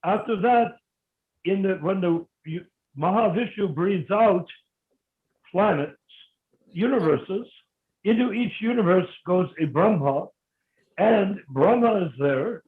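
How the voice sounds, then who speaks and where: A man's voice: high voice, takes it slowly, pauses often. A man in a heated philosophical debate on a video call, insistent and interrupting as he lectures. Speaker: discussion participant. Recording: tinny phone-like line.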